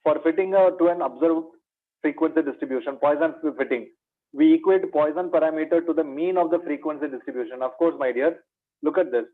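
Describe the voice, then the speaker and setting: A little high and a little fast, this male maths teacher with an Indian English accent leads exam revision, firing off questions he answers himself. He calls the students "my dear," and the sound is tinny and phone-like, as in an online lecture.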